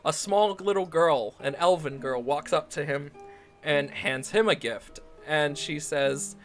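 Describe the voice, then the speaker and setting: A man's voice: fairly high pitch, unhurried, a bit bright. A man running a tabletop game, with a slightly raised voice that tumbles through restarts and fillers. Faint music plays under his narration. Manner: rambling, laughing, many ums and restarts. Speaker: game master.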